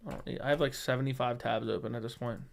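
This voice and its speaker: A man's voice: medium pitch, steady tone, fast, vocal fry. A man hosting a casual livestream, reading viewer comments and answering bluntly, often swearing and repeating himself. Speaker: MMA livestream host. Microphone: studio dynamic microphone.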